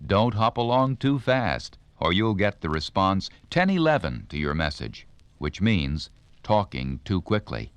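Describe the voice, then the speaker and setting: A man giving scripted instructional narration for a training record, in a clear, deliberate announcer's delivery. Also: low-pitched, no echo.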